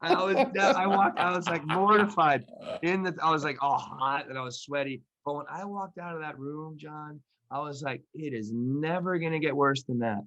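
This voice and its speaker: A man co-hosting a podcast, chatting casually and rambling with many restarts, laughing at himself, then leading a gentle grounding practice. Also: on the high side, moderate pace, highs cut off. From Philadelphia. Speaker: podcast co-host and class teacher.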